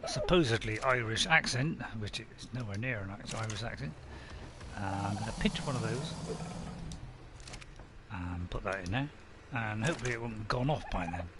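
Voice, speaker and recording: A man's voice: on the low side, lively intonation, moderate pace, pauses often, very noisy. A man streaming a game, chatting casually to himself and reading viewers' messages aloud. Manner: chatty, talks to himself and reads chat aloud. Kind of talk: casual live game commentary.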